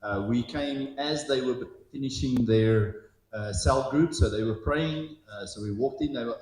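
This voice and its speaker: Guy, halting storyteller, lots of pauses, echoey hall sound. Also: medium pitch, darkish tone. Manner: halting, with many pauses and fillers. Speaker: retreat participant sharing a tour story. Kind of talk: casual storytelling. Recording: echoey room.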